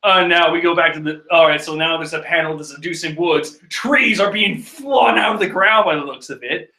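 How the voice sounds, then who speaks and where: A man's voice: a little high, normal speed, sharp tone. A man reading a comic aloud in casual, rambling commentary, joking and correcting himself as he mixes up names. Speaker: comic reader.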